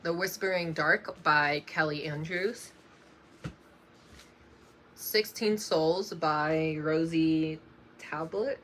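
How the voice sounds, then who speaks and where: A young woman reading off a list of books in a casual vlog, slow and unhurried, often apologizing with a soft laugh. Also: low-pitched, slight background noise. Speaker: book vlogger.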